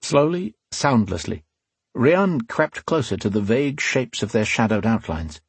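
A man narrating a fantasy audiobook in a measured, dramatic storytelling manner. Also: fairly low pitch, slightly rough, dry recording.

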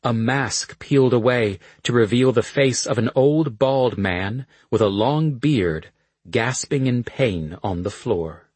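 Husky-voiced man narrating a story. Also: medium pitch, slow, darkish tone, no room sound. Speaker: audiobook narrator. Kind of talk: scripted narration.

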